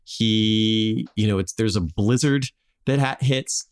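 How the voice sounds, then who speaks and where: A man's voice: fairly low pitch, slow, smooth. A man hosting a podcast, telling a history story casually with lots of "like" and jokey acted-out quotes.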